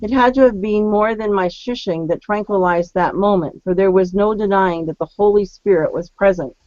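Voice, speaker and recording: A woman's voice: on the low side, a little mellow, no room sound. A woman co-hosting a webinar, reading a submitted story aloud after playful chat. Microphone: computer mic on a video call. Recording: dull, dry computer audio.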